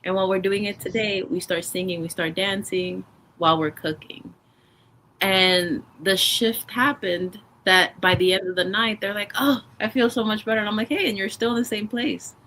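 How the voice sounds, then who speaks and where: Animated woman telling stories on a podcast. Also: medium pitch, moderate pace, slight background noise, low-quality recording. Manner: animated storyteller who acts out quoted dialogue. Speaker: podcast co-host. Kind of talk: casual chat.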